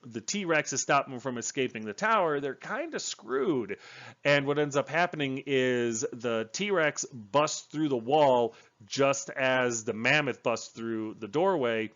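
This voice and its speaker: A man's voice: mid-range voice, expressive, measured pace, fairly bright tone, highs cut off. A man casually recapping a book's plot as a reviewer, rambling and correcting himself as he goes. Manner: rambling, chatty, with fillers and self-corrections. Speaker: book reviewer.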